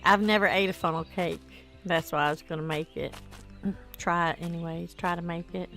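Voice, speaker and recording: A woman's voice: on the low side, steady tone, moderate pace, a bit bright, soft background music. A tired woman streaming a game, chatting casually and reading viewer comments aloud. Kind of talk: casual gameplay stream chat.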